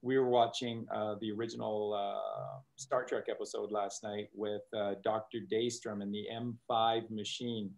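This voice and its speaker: A man's voice: lowish voice, vocal fry, darkish tone. A man speaking as a guest in a casual discussion, expansive and thoughtful, reaching for stories and film references to make his points.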